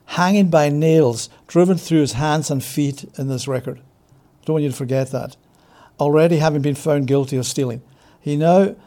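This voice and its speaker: In a slightly high, warm voice, a man leads an expository Bible study with emphatic delivery. He slowly stretches key words for stress and poses rhetorical questions that he answers himself.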